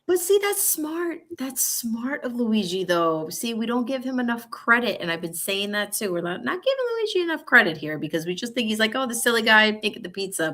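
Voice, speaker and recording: A woman's voice: on the high side, a bit bright. A woman co-hosting a chat show, chatty and agreeable, laughing often as she talks. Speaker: co-host. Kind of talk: casual chat.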